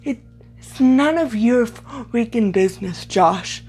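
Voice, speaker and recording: Young woman, high voice, unhurried delivery, halting and repeating first sounds, blunt sarcastic commentary. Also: lively intonation, darkish tone, breathy edge. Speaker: vlogger. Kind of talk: opinionated commentary.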